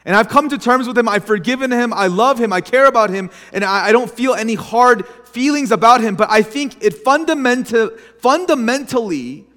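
A young male pastor preaches in an earnest, confessional way, often restarting his sentences. His voice sits high for a man. It carries a long reverb from a large church hall. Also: expressive, moderate pace, few pauses, sharp tone. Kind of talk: sermon.

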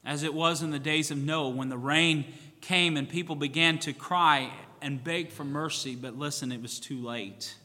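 Male pastor, fervent sermon, bright ringing voice, a bit high, loud then hushed, long church reverb. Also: steady tone, moderate pace, hardly any pauses. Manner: swings from loud fervent preaching to hushed solemn tones. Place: church sanctuary.

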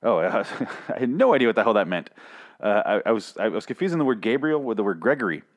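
A man's voice: fairly low pitch, very animated, quick pace, muffled recording. Rambling, profane man recapping TV. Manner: rambling, profane, self-mocking. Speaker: TV episode recapper. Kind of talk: casual solo recap.

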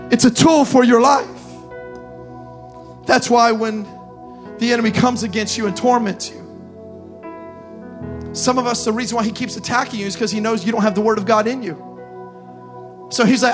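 A young male pastor delivers an animated sermon in a strikingly high voice, climbing into shouts. Faint music sits behind him. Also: moderate pace, pauses often. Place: church service.

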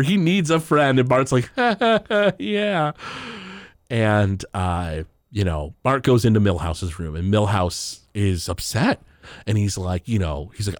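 A man chatting on a podcast, his pitch swinging widely from low to high as he retells scenes. He talks loosely, with plenty of fillers and chuckles. The sound is close and dry, with no room around it. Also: dry recording. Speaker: podcast co-host recapping an episode. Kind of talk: casual chat.

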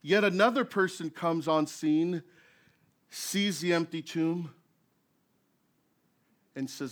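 A man preaching a sermon as pastor, telling a story in a lively, animated way that acts out the scenes. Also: a little high, takes it slowly, long pauses.

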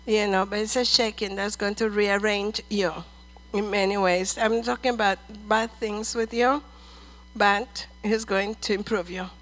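A middle-aged woman ministering prophetic words over people in church, earnest and measured, calling them dear and brother. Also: mid-range voice, flat delivery, rough recording.

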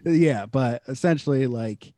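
A man co-hosting a casual chat, rambling with lots of fillers and quick laughs. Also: mid-range voice, dark tone, no echo. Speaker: podcast co-host.

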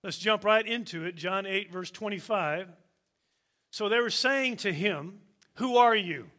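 Man, preacher, sermon, emphatic, unhurried delivery, higher voice. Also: sharp tone. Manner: slow, emphatic preaching with dramatic pauses.

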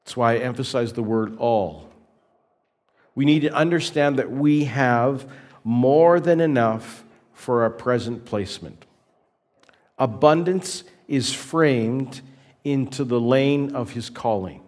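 A man preaching in an earnest, measured way, with a voice of ordinary middle pitch. He pauses between phrases and repeats key words to drive a point home. He sounds like a pastor addressing his congregation. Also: a little mellow. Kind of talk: sermon.

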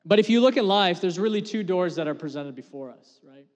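A pastor in his thirties preaching a sermon with emphatic swings from loud to quiet. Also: sits high, lively intonation, fairly quick. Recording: long hall reverb.

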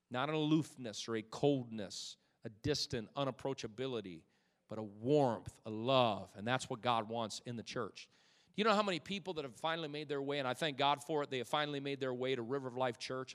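Pastor preaching in a reverberant hall. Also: male voice, mid-range voice. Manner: swings from loud exhortation to soft intimate storytelling. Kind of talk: sermon. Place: church sanctuary.

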